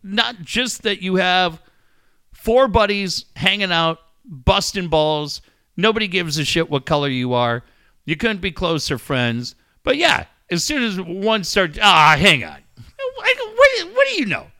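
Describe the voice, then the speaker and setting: A middle-aged man, a coach and father, telling stories in casual chat, lively and laughing as he acts out what others said. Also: high voice, unhurried, clear, resonant tone. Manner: animated, laughing storyteller who acts out quotes.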